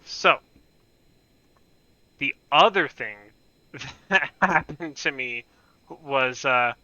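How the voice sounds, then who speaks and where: A man with a very bright, clear voice, pitched a bit high, rambles through a story while gaming and keeps breaking into chuckles. The dry sound is a little dull and lo-fi. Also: animated, drawn-out words, no echo. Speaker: gaming streamer. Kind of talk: casual anecdote while gaming.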